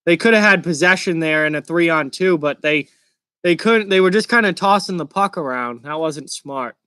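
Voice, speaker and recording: A man's voice: a little high, normal speed, pushed and bright, smooth, dry recording, clean studio sound. A young man from Massachusetts with a mild Massachusetts accent, hosting a live hockey reaction stream and chatting casually while he answers live chat questions.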